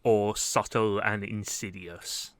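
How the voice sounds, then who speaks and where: A man's voice: fairly low pitch, steady tone, slow, dry recording. A man co-hosting a podcast, chatting casually and dropping dry, sardonic quips. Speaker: podcast co-host. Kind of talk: casual chat.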